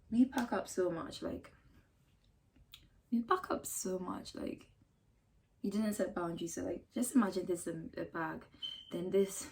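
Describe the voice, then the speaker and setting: A woman's voice: medium pitch, a little hiss or hum. Emphatic Ghanaian woman giving advice. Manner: emphatic and animated, with rhetorical questions and mock quotes. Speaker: lifestyle vlogger. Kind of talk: casual advice monologue to camera.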